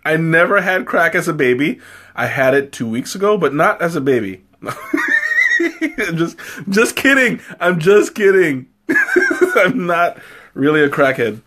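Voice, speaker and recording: A man's voice: a little high, wildly swooping pitch, measured pace, pushed and bright, slightly rough. A man tasting tea on a live stream in casual, rambling chat. He giggles often, mocks himself and has a runny nose from spicy tea. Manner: giggly, rambling and self-mocking.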